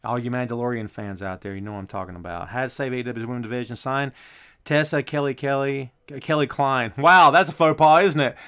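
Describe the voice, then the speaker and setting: A man's voice: mid-range voice, fast talker, clear, resonant tone. Guy ranting on his wrestling show, blunt and opinionated, keeps firing off questions. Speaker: show host.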